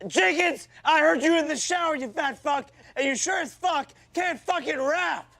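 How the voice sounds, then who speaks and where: A foul-mouthed football coach hollers insults at his players in a comedy rant. His voice sits extremely high and turns gravelly as he shouts without letup. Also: normal speed, heavily acted. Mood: yelling, berating. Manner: shouting, profane, berating.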